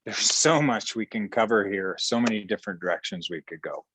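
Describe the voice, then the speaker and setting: A man coaching a group on a call, blunt and irreverent, pausing for an interpreter. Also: lowish voice, a bit bright, slight background noise, rough recording. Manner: blunt and irreverent, with sudden jokes. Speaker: facilitator speaking through an interpreter. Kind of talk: casual spoken coaching on a call.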